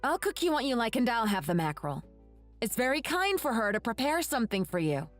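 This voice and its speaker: A woman's voice: on the high side, big pitch swings, fairly quick, soft background music. A woman doing an indignant, scolding young wife. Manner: scolding, shocked.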